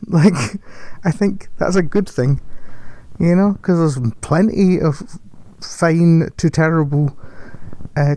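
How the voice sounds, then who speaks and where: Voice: medium pitch, mellow, clean tone, no echo. A person chatting casually about a film, rambling, correcting themselves and laughing often. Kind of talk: casual film review chat.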